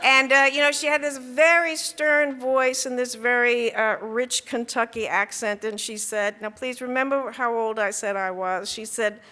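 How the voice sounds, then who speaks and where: A woman's voice: on the high side, steady tone, bright, forceful tone. A woman author telling stories from her writing life, stopping often to restart her sentences between fillers. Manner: halting, many restarts and fillers. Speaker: author speaking at an event. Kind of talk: talk. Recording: long hall reverb.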